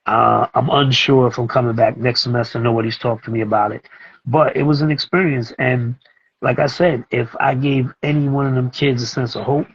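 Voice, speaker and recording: A middle-aged man, a music producer and teacher talking as a guest in a casual interview, telling animated stories and acting out what others said. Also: medium pitch, brisk, husky, lo-fi sound. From Brooklyn, New York. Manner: animated, acts out other people's lines as he tells a story.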